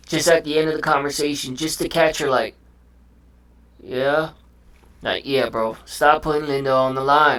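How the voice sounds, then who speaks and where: A man talking casually as a host, with lively slang, acting out what he would say. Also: fairly high pitch, moderate pace. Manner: animated slang-heavy talk, acts out what he would say. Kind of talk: casual chat.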